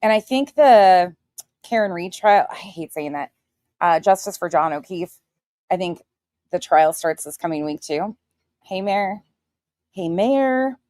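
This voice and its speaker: A woman in her forties hosts a casual livestream, greeting each viewer by chat name and talking bluntly, defiantly, with lots of swearing. Her voice is lowish and darkish, her pace measured, and the sound is clean studio audio with no room echo.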